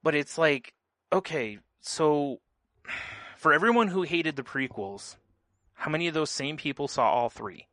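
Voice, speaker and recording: Laid-back podcast co-host, dry sound. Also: male voice, on the high side, animated, unhurried, pushed and bright, dry recording. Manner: laid-back storytelling, laughs often. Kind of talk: casual chat.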